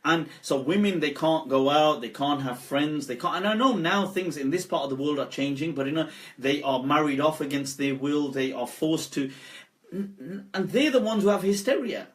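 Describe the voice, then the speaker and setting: A man, an Islamic scholar, giving an animated live-stream talk and telling stories with frequent laughs. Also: fairly high pitch, normal speed. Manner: animated storyteller, laughs often.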